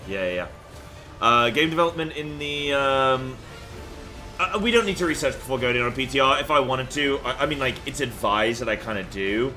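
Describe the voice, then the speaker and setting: A man's voice: medium pitch, expressive, a little fast, bright, forceful tone, soft background music. A young man chatting loosely on a game stream, rambling with fillers and the odd swear word. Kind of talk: casual live-stream chat.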